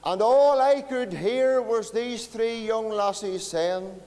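A man's voice: high voice, takes it slowly, darkish tone, big-room sound, a little hiss or hum. A Northern Irish man preaching a folksy storytelling sermon at a carol service, chatting to the children in the congregation. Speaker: pastor. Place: church.

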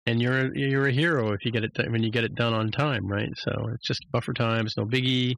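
A man's voice: medium pitch, steady tone, fairly quick, vocal fry, a bit bright, no echo. Rambling man recapping an episode. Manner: rambling recap with many restarts, acts out lines in a raised voice. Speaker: podcast co-host recapping an episode. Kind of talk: casual chat.

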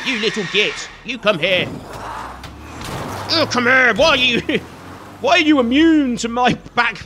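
A man's voice: high-pitched, background noise. A man giving chatty, jokey let's-play commentary and scolding the enemies on screen. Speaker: gaming video host.

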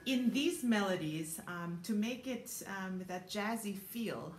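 In an animated but slow manner, a woman concert pianist with a mid-range voice explains things during a piano masterclass. She is thoughtful, says um often, and sometimes sings the rhythms; the recording echoes around the room with the piano audible.

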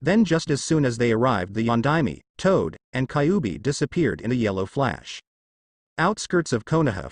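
A man narrating a fanfiction audiobook in an even storytelling read. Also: medium pitch, dry recording.

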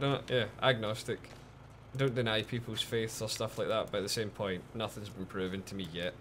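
A man giving casual, lively commentary while streaming a game, chatting with viewers and swearing often. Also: lowish voice, slight background noise.

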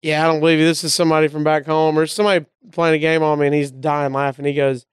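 A man from Alabama with a Southern drawl spins a story in casual talk, slipping in quick voices for the people in it. His voice is very smooth and clear, sitting a little high, and the sound is dry and close. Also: dry recording. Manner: animated anecdotes, acting out the voices of people in the story. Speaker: comedian guest.

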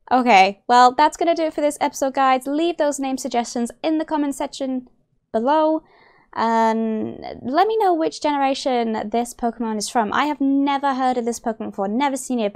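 A young woman commenting on her own game play, excitable and gasping, rambling as she plays. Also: on the high side. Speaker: gaming YouTuber.

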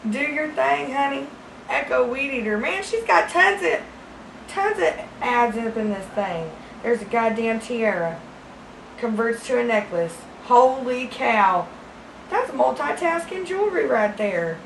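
A woman playing a crude, rambling small-town woman who hosts a deadpan comedy segment about ad deals, with a gravelly voice. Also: fairly high pitch, measured pace, a little hiss or hum, heavily acted. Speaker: comedy sketch host character. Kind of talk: deadpan comic monologue. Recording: roomy echo.

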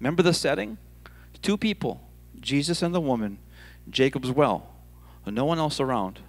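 Man, pastor, from Hawaii, sermon, playful storytelling, lively pitch. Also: moderate pace. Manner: animated, playful storytelling, repeats words. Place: church stage.

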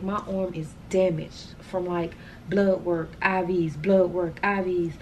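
A woman's voice: medium pitch, fairly even intonation, unhurried, few pauses, darkish tone, slight background noise. A woman vlogger chatting casually to the camera, rambling and calling her viewers y'all.

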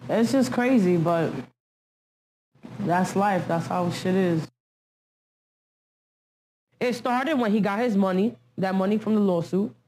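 A woman's voice: medium pitch, takes it slowly, long pauses, darkish tone, slight background noise. A young adult woman in a candid documentary interview, recounting events in loose street slang.

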